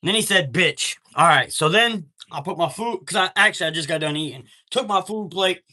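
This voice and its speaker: A man's voice: high voice, a little fast, pushed and bright. A man hosting a live stream, telling a heated story in a profane, streetwise way and greeting viewers from chat.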